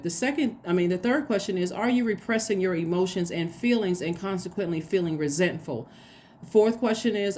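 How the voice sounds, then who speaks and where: A woman with a fairly low voice gives a spoken tarot reading. She talks earnestly and directly to the listener and circles back to repeat her points. A faint hiss sits under the recording. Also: a little mellow. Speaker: tarot reader.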